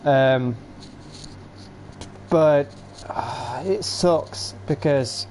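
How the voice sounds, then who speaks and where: A man's voice: mid-range voice, drawn-out words, darkish tone, a little hiss or hum. A man in his late teens, chatting casually and rambling to viewers on a home livestream.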